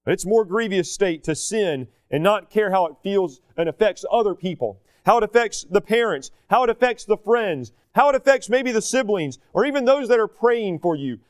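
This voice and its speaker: A man preaching a sermon, moving between emphatic peaks and slow, quiet asides. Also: sits high, no echo, studio quality. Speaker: pastor.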